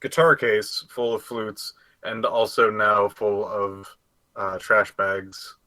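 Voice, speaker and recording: A man with a fairly low but bright voice talks through his character's gear at a slow pace. He rambles a little and corrects himself. The sound is dry and close. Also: level tone, no room sound, poor audio. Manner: rambling, self-correcting, laughs easily. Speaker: player. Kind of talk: casual tabletop game play.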